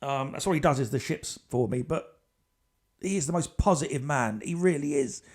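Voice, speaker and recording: A comedy host telling a story off the cuff. He is animated and rushes ahead as the tension builds. His voice sits high for a man.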